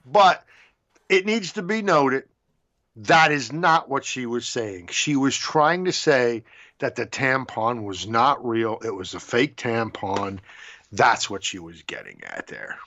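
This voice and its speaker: Podcast guy, blunt and scoffing, lively up and down voice, kinda muffled lo-fi. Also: mid-range voice, takes it slowly. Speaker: podcast co-host. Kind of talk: casual podcast rant. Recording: dull lo-fi sound.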